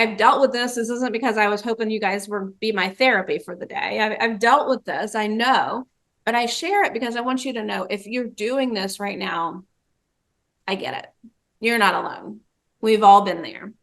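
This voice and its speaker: A woman's voice: a little high, a bit bright. A woman dementia trainer giving a webinar presentation, telling a story and acting out the quoted voices.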